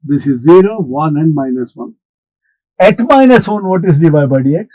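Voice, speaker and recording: A man's voice: on the high side, lively intonation, a little mellow, dry recording, low-quality recording. A man teaching a maths lesson, explaining step by step and answering imagined students. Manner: slow, deliberate explaining, talks back to imagined students.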